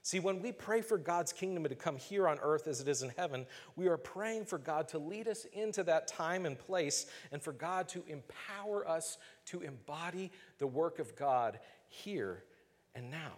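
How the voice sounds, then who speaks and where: A man preaching a sermon as pastor, earnest and measured, slowing down to stress key phrases. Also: fairly high pitch, lively intonation, big-room sound.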